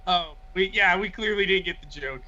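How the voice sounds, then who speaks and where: A man speaking as a podcast guest with blunt, quick remarks. His voice is somewhat high and bright, with a forceful edge. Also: highs cut off. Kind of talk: casual chat.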